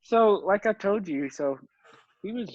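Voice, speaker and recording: A man in his twenties, a guest on a podcast, rambles casually through stories, laughing often and using plenty of fillers. His voice is high, expressive and darkish, delivered at a measured pace in a dull, dry lo-fi recording.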